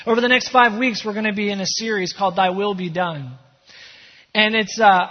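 A man preaching a sermon as pastor, conversational and joking with his congregation. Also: high-pitched. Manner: conversational, self-deprecating humor. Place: church sanctuary. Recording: reverberant hall, dull lo-fi sound.

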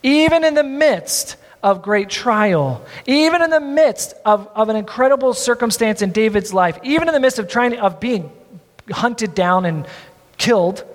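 A man preaching a sermon, reading scripture aloud and calling on the congregation to repeat the words after him. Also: high-pitched. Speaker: pastor. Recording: long hall reverb.

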